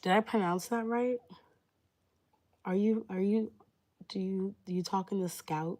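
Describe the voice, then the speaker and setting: A woman's voice: medium pitch, unhurried, pauses often, dark tone. A young woman giving live-stream tarot readings in a casual, rambling way, full of fillers and hedges. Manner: casual, filler-heavy, hedging talk. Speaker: tarot reader.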